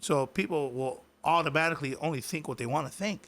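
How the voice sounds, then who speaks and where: A man's voice: fairly high pitch, fast, a bit bright. A man co-hosting a podcast in casual chat, rambling and chuckling as he talks. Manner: rambling, chuckling, loose storytelling. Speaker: podcast co-host.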